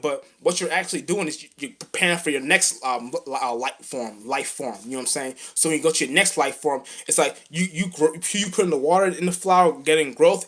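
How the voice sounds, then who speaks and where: Male rapper, slightly higher voice, rambling profane spiritual rant, streetwise slang, fervent. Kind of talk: casual spiritual rant to camera.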